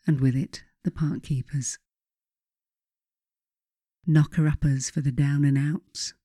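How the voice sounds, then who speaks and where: A woman reads her own memoir in a measured, reflective voice. Her tone is warm and mellow. The recording is close and dry, with no room sound. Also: low voice, dry recording. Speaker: author reading her own book. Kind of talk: memoir audiobook narration.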